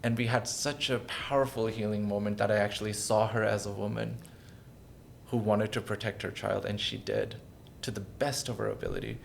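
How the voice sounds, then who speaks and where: A man's voice: fairly low pitch, little pitch movement, brisk, vocal fry, slight background noise. A man in his thirties, a podcast guest, telling a personal story in an earnest, emotional, reflective way. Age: 30s.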